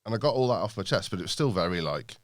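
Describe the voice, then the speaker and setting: A man's voice: sits low, sing-song, rapid-fire, no room sound, studio quality. A man telling his story as an interview guest, candid, sweary and self-mocking. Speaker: business owner, interview guest. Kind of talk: casual interview, personal story.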